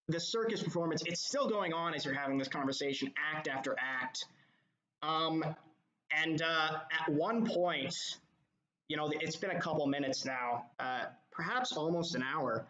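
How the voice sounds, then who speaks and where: A man's voice: a little high, a little slow, bright, forceful tone. A man running a tabletop game as game master, narrating descriptively with frequent ums, in an echoey, dull lo-fi recording. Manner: rambling descriptive narration with fillers.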